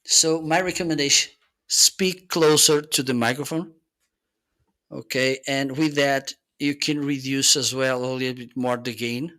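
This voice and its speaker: A live-stream gear reviewer speaks at medium pitch in a steady, unhurried, bright, forceful voice. He casually demos the desk USB microphones being tested, staying chatty and regularly checking in with "okay?".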